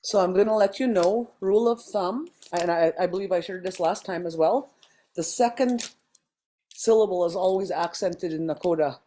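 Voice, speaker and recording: This is a woman's voice, sitting a touch lower than most, as she leads a class online. She explains slowly and patiently, filling gaps with ums while she works through each point. The sound has the feel of a video call. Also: mellow, slight background noise. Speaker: language teacher.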